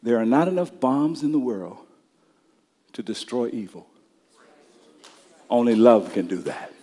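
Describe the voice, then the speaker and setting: A male pastor preaching a sermon, telling stories and building up to shouted climaxes. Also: mid-range voice, very animated, a little slow, long reverb tail.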